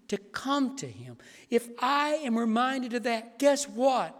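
A middle-aged man, a pastor preaching an emotional sermon that swings from quiet to raised. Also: very high-pitched, sing-song, slow, long reverb tail.

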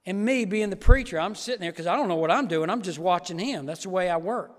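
A middle-aged man, a pastor preaching an emotional sermon that swings from quiet to raised. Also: high voice, lively intonation, fast talker, in a large hall.

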